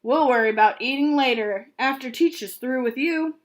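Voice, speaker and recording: A woman voicing a loud, booming, sinister male camp owner in a children's story. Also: normal speed. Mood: menacing.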